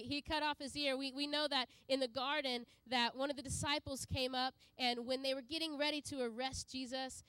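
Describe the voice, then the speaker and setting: A woman's voice: high voice, a bit bright, clean tone, no echo. A woman giving an earnest sermon to a congregation, with frequent fillers and restarts. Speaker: preacher.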